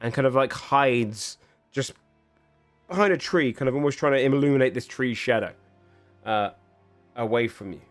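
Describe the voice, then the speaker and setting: A man's voice: mid-range voice, normal speed, pauses often, no echo, faint music behind. A man running a tabletop game as game master, narrating scenes in a loose, descriptive way full of "kind of" and "like".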